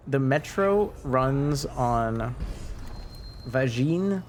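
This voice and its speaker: A man's voice: medium pitch, a little hiss or hum. A male streamer in casual gaming chat, rambling and musing aloud to his viewers as he plays. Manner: rambling, muses aloud while chatting with viewers.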